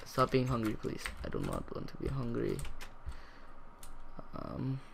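A teenage boy talks through his gameplay at a desk mic, rambling and thinking out loud, with a middling voice for his age. He breaks into sudden excited yelps now and then. Faint keyboard clatter sits behind him. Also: mid-range voice, a little slow, gravelly, a little hiss or hum. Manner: rambling, self-talking, jumpy excitable outbursts. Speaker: gaming channel host. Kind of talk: casual gameplay commentary.

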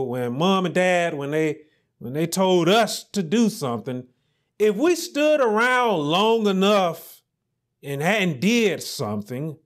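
A pastor delivers his sermon at a slow, deliberate pace, his fairly high voice lifting when he reads scripture. He repeats key phrases for emphasis and leans into the words. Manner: slow, emphatic preaching, rising in pitch on scripture.

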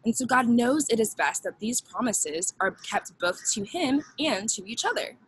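A woman's voice: fairly high pitch, animated, moderate pace, fairly bright tone, a little hiss or hum, poor audio. A young woman teaching children a Bible lesson in an upbeat way, leading call-and-response with them.

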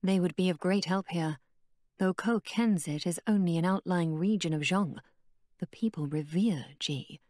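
A woman's voice: on the low side, unhurried, darkish tone, dry recording, clean studio sound. A woman voicing a fierce, grieving middle-aged woman hunter who speaks in a grim, clipped way. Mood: frowning.

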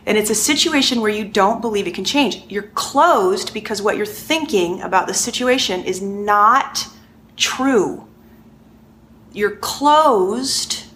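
A middle-aged woman giving a conversational coaching lesson, animated and repeating points for emphasis. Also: medium pitch, a little hiss or hum. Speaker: life coach.

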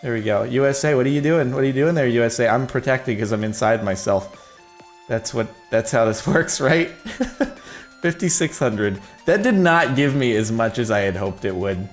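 A man's voice: mid-range voice, expressive, normal speed, soft background music. A man giving casual, jokey commentary on his own gameplay, rambling and laughing as he plays. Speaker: gaming video host.

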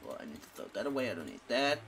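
A gaming YouTuber races through casual let's-play commentary, very animated with vocal fry in his medium-pitched voice. He talks to his in-game pet and squeals when pleased, recorded on a desktop mic with crowd noise behind him.

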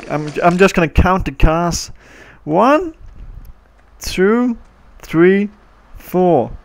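A man with a Danish accent giving casual gameplay commentary, excitable and quick to yell at the traffic in the game. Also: mid-range voice, gravelly. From Denmark. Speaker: gaming channel host.

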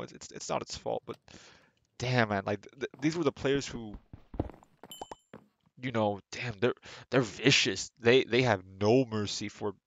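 A man with a gravelly, creaky voice chats casually while live streaming a game. He rambles and stumbles, repeating words as he goes. His voice sits in a middling pitch, close and dry on the mic. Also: a bit bright, no room sound. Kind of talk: casual live gameplay chat.

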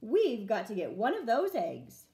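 A woman's voice: a little high, huge pitch swings, mellow, heavily acted. A woman voicing a greedy, eager farm horse, in a storybook reading. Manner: eager, quick. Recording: roomy echo.

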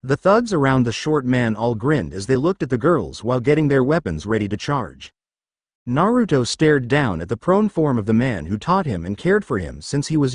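A man's voice: mid-range voice, dry recording, studio quality. A man reading a fanfiction story aloud as narrator.

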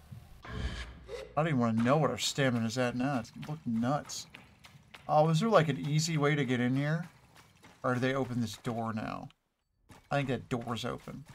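A man's voice: mid-range voice, normal speed, long pauses. A man casually commenting while playing a video game, thinking aloud and correcting himself as he goes. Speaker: streamer. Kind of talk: casual let's play commentary.

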